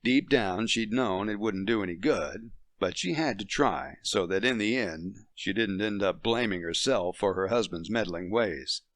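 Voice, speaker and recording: Low-voiced male audiobook narrator. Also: unhurried, few pauses, no room sound, clean studio sound. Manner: steady, expressive reading. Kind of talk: scripted narration.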